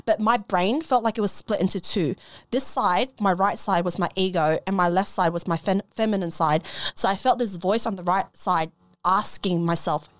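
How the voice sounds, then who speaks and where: A woman hosting a podcast, telling a story in casual chat, lively and swearing, acting out quotes with big jumps in her voice. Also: mid-range voice, moderate pace, no room sound. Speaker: podcast host.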